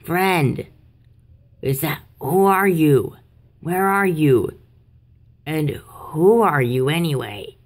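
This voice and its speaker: A woman voicing Greg, a strange, old, friendly male tank engine in a homemade toy train story, gentle and welcoming. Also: sits low, animated, extremely slow, pauses often, heavily acted.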